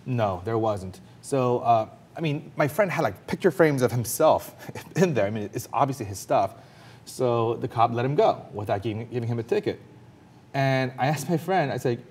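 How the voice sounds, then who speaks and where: A man commentator telling a personal story in a panel talk, earnest and emphatic, his intensity rising quickly. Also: mid-range voice, expressive, darkish tone.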